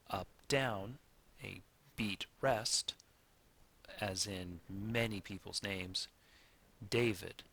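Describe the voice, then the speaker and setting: A man giving a lecture, speaking deliberately and slowing down to stress syllables aloud, often stopping to correct himself. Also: fairly low pitch, vocal fry, pushed and bright, slightly rough. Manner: pauses and corrects himself mid-sentence. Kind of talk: classroom lecture.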